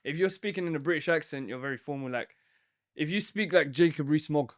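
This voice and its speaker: A man co-hosting a casual podcast chat, asking short questions and chiming in with quick agreement. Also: on the high side. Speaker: podcast co-host.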